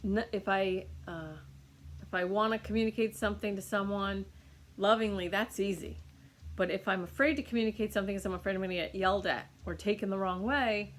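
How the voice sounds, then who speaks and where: A woman's voice: mid-range voice, fairly bright tone, slight background noise. A woman giving a casual, rambling recorded healing reading to a client, with lots of fillers and restarts. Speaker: energy healer reading for a client.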